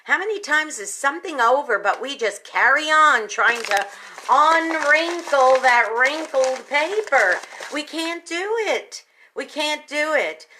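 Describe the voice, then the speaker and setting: A woman hosting a radio talk segment, retelling a story with expressive, folksy emphasis and speaking straight to her listeners. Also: sits high, takes it slowly, a little hiss or hum, low-quality recording. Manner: folksy, addresses listeners directly. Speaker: radio station general manager.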